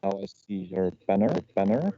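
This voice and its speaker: A man's voice: fairly low pitch, sing-song, moderate pace, creaky, mellow, dry recording. A man improvising a comedy slide presentation over a video call, stumbling and repeating his words as he goes. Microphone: video call microphone. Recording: muffled lo-fi call audio with faint noise.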